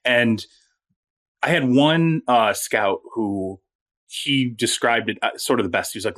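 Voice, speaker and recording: A man reporting on sports in a casual talk show, telling stories in an animated way. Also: lowish voice, measured pace. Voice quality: animated, storytelling.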